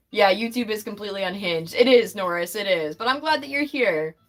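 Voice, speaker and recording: A woman's voice: mid-range voice, expressive, moderate pace. Young adult woman, livestream host, casual and chatty with frequent laughter, reads chat aloud.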